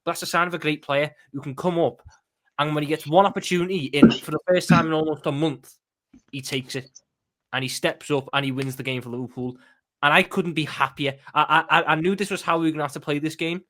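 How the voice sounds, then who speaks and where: Fan guy ranting after the match, bit high voice, keeps tripping over his words. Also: fairly even intonation, fairly quick, a bit bright. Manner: emphatic, heated, stumbles and restarts. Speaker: fan pundit. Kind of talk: post-match reaction chat.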